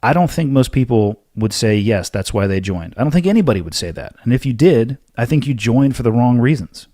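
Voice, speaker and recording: A man's voice: mid-range voice, animated, fairly quick, dark tone, no room sound, studio quality. A man hosting a podcast, answering listener questions alone in a blunt, emphatic manner with the odd curse. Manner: blunt, emphatic, occasionally profane. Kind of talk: solo Q&A monologue.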